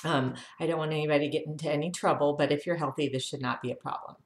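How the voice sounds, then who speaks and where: A woman health educator leading viewers through a guided breathing lesson, talking calmly and counting breaths aloud. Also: low voice, racing, echoey room.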